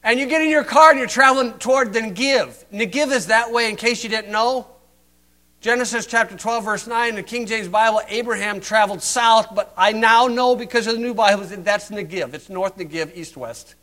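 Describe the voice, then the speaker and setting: An older American man preaching a sermon, mocking and sarcastic, swinging from loud emphasis to hushed asides. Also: high-pitched, fairly quick.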